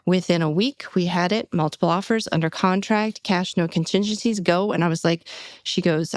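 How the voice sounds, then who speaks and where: A woman's voice: mid-range voice, brisk, no echo, clean studio sound. A woman real estate agent hosting a casual podcast, telling client stories and acting out quotes in a raised voice. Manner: animated storyteller, acts out quoted clients in a raised voice. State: getting emotional.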